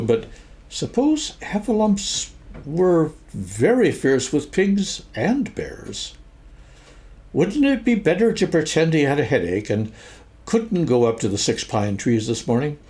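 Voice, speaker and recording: Expressive older man reading a storybook. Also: mid-range voice. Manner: expressive, sing-song storytelling. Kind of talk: reading a children's book aloud.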